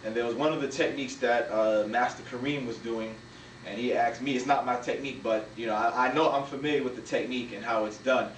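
A man teaching a martial arts technique, walking through each move and punctuating the strikes with sharp sound words. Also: fairly even intonation, a little fast, a little hiss or hum. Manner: talks while demonstrating moves, punctuated with "bam" and "boom". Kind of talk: demonstration walkthrough. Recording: echoey room, from a distance.

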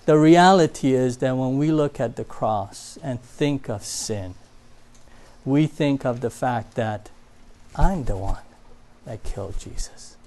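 A man preaching a sermon in a church, telling stories and swinging from loud emphasis to quiet asides. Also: medium pitch, slow.

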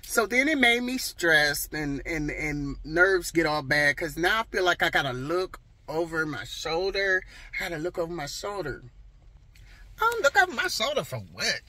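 A woman's voice: on the low side, big pitch swings, normal speed, bright, forceful tone, low-quality recording. A woman telling a storytime vlog from her parked car outside a hospital, sassy and emphatic, repeating herself for effect, recorded on a handheld phone camera. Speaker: vlogger.

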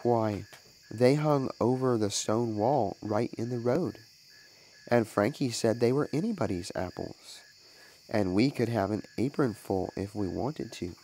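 A man's voice: medium pitch, unhurried, warm tone, slight background noise, close to an everyday voice, poor audio. A man voicing a small guilty boy who stammers and pleads to defend himself. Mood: pleading. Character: small guilty boy caught with stolen apples.

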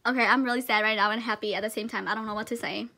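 Brief: high-pitched woman, excitable unboxing vlogger, gushes and exclaims, home tripod-camera sound. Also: rapid-fire. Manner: gushing, excitable, repeats exclamations, laughs often. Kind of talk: unboxing vlog, casual chat to camera.

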